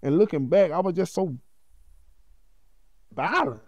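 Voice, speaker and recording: Animated man telling his story on a podcast. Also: high-pitched, unhurried, no echo. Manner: animated, peppered with "you know what I'm saying". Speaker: podcast guest. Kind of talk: heartfelt conversational storytelling.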